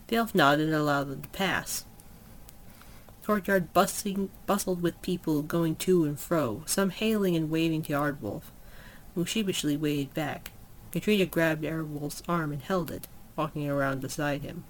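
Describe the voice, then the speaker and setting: A storyteller reading a fantasy story aloud at an unhurried pace, with occasional small slips and self-corrections. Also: mid-range voice, slight background noise, poor audio.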